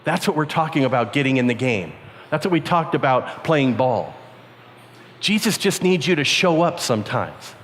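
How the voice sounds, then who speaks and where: Older man preaching in a big echoing hall. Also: moderate pace. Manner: animated, acts out characters with squeaky high voices. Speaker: camp speaker. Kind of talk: storytelling sermon to youth. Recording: long reverb, faint background noise.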